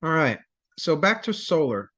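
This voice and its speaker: A man's voice: fairly high pitch, sing-song, normal speed, fairly bright tone. A man teaching a crisis response training lecture in a rambling, conversational way, with many fillers and restarts.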